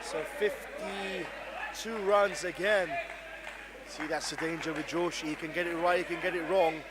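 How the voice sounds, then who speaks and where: A man giving live cricket commentary, excitable, breaking into shouts when something big happens. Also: a little high, measured pace. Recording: noisy crowd at an indoor venue. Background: crowd and venue noise.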